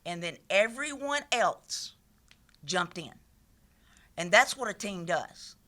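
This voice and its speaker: A woman's voice: fairly low pitch, expressive, slow pace, pushed and bright. A woman head coach speaking at a press conference, emphatic and passionate, repeating her key points.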